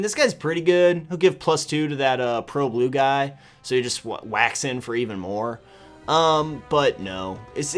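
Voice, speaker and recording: A man's voice: mid-range voice, fairly bright tone. A man hosting a gaming channel, commenting casually on cards in a rambling, sarcastic way and laughing often. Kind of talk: casual video game commentary.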